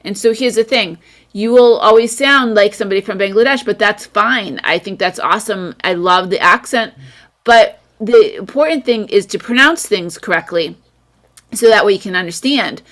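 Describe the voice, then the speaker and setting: An American woman talks casually on a video call. Her pitch sits in a middle range, and she rambles a little with plenty of fillers. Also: normal speed. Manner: chatty, warm encouragement, frequent fillers. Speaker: English teacher and host.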